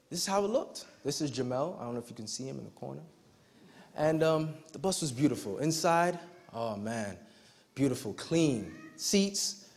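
A young man preaching a youth day sermon, telling a story in an animated, conversational way and acting out the dialogue. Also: a little high, slight background noise. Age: young adult. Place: church sanctuary. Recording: long reverb of a church hall.

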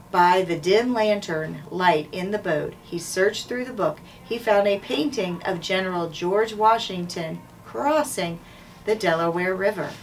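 A woman reads a children's chapter book aloud at a steady, clear pace, now and then correcting herself. She sounds set back from the microphone, with faint background noise. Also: lowish voice. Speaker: school administrator. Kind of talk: reading a storybook aloud. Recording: distant mic, faint noise.

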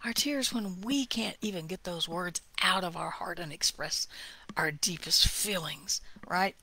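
A woman giving a heartfelt, conversational devotional talk, often dropping to a hushed whisper for emphasis. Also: fairly low pitch, unhurried, no echo. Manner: conversational, with asides and small laughs. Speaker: devotional speaker.

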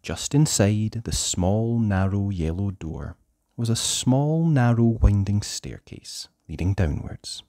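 Expressive, slow children's storyteller. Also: sits low, dry recording, clean studio sound. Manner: expressive, sing-song storytelling. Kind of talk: reading a children's storybook aloud.

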